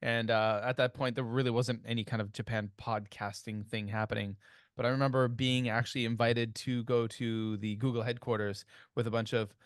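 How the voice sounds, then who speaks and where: A man's voice: mid-range voice, level tone, moderate pace, dry recording, studio quality. A man with a Canadian accent hosting a podcast, telling stories in a chatty way with many restarts. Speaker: podcast host. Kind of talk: casual podcast chat.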